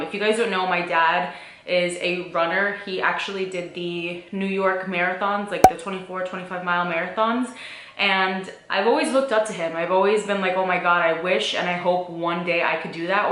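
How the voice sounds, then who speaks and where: A woman's voice: on the low side, a bit bright. Young woman vlogging, open and chatty, says like a lot, echoey room. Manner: open, chatty, emotional at times, many fillers like "like". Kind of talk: casual confessional vlog.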